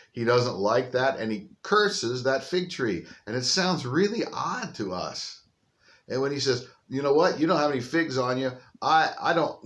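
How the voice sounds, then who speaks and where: An older man, a pastor, giving an informal livestreamed sermon outdoors in a folksy, chatty storytelling manner, talking into a phone on a selfie stick. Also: medium pitch. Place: outdoors on a windy day.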